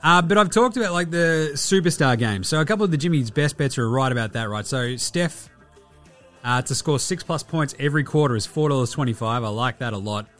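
A man's voice: mid-range voice, lively intonation, fairly quick, fairly bright tone, faint music behind. An Australian man in his thirties hosting a casual sports podcast, sweary, irreverent and rambling. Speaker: podcast host.

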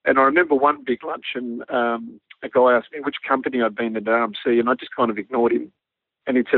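Australian man, gravelly voice, thin phone-line sound, relaxed storyteller. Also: mid-range voice, fast talker, no echo. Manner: relaxed, self-deprecating, laughs while telling stories. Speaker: guest, former Army pilot. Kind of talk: anecdotal interview storytelling.

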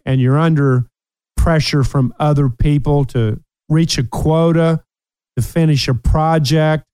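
A man's voice: fairly high pitch, darkish tone, no echo. A man in his sixties hosting a casual talk show, upbeat and teasing. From United States. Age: 60s. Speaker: host. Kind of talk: casual chat.

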